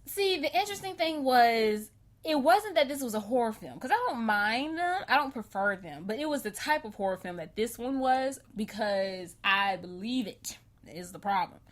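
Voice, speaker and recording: Animated woman telling a story. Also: fairly high pitch, moderate pace. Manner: animated, laughs often, acts out quotes. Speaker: podcast co-host. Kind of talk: casual storytelling chat.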